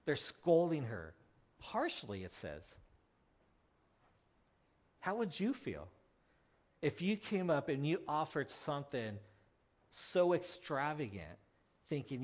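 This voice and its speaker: Animated preacher with a higher voice. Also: male voice, slow pace, long pauses. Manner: animated, asks the congregation questions; acts out quoted voices, with frequent restarts. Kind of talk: conversational sermon.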